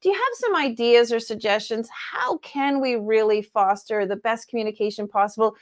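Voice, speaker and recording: Upbeat woman host in her 40s, high voice, chatty and encouraging. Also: normal speed. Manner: enthusiastic, affirming, lively storytelling. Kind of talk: casual interview chat.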